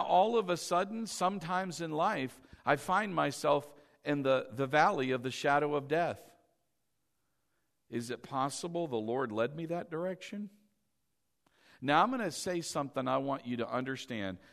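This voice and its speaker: Fervent male preacher, higher voice. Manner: animated preaching, rising loud on key lines, leads the congregation in repeating; asks questions and answers them himself. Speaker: pastor. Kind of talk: sermon.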